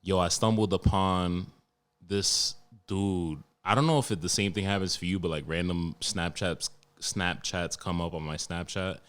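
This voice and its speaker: Young male podcast host from New York, deep low voice, swears freely and tells stories with energy. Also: moderate pace, clean tone. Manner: profane, animated storytelling. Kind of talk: casual podcast chat.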